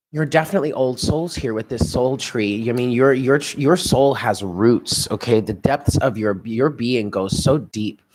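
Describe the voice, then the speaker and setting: A man doing a live tarot reading, talking in a musing, chatty way and often laughing to himself. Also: mid-range voice. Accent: New York. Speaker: tarot reader.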